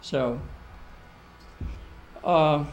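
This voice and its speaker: Trustee guy, lots of uhs, kinda higher voice, faint hiss behind. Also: rough recording. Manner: halting, many filler ums. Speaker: village trustee. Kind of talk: public budget meeting. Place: council meeting room.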